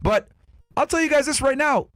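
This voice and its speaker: A man's voice: very high voice, moderate pace, a bit bright, dry recording. A man arguing in a mocking, combative way during casual chat.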